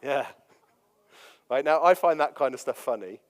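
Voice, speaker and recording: Joking pastor in a hall. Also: male voice, medium pitch, expressive, moderate pace. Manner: jokey, anecdotal, lots of fillers. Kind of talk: sermon with personal stories. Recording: long reverb of a large hall.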